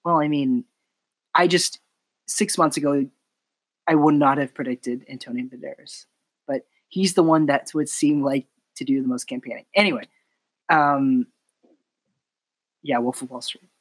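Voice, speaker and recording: A podcast host with a slightly husky voice talks film at length. He is opinionated and chatty, and he pulls the conversation back when it drifts. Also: mid-range voice, a little slow, pauses often. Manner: talkative, opinionated, steers the talk. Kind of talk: casual film discussion.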